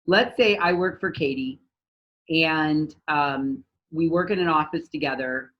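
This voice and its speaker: A woman's voice: low voice, unhurried, dull audio. A woman parenting coach giving conversational advice on a podcast, acting out quoted dialogue in a livelier voice.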